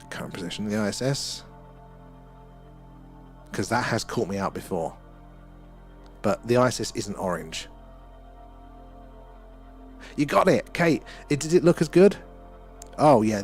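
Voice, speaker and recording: A man hosting a night-time live stream outdoors, rambling excitedly and chatting with viewers. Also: lowish voice. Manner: excitable, rambling, talks to chat viewers by name. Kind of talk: live-stream chat and sky-watch commentary.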